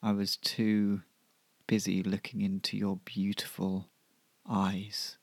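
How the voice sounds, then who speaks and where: A man's voice: on the low side, completely flat delivery, slow, gravelly, no room sound, exaggerated voice. A man voicing a lovestruck, overly emotional suitor who stammers earnestly.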